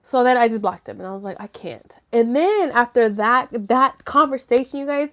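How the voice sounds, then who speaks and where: A woman hosting a live stream chats to her viewers in a loose, rambling way. She tells her story with lots of "like" and the odd curse. Her voice sits a little high. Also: normal speed. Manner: rambling, animated, lots of "like" and swearing. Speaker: host of a live chat stream.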